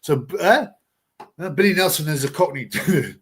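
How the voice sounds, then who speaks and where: A man's voice: on the high side, expressive, normal speed, breathy edge. A man hosting a casual live boxing chat, rambling and blunt with slang. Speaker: livestream host.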